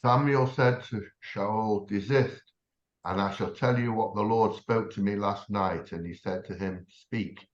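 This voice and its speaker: A man reading verses of scripture aloud in a steady, measured way. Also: on the low side. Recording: echoey, dull, from far off.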